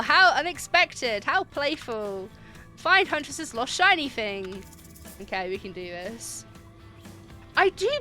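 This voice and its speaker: A woman streamer chatting casually and giggling while she plays a dating game and thanks viewers for gifted subs. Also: on the high side. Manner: giggly and chatty, reacting loudly.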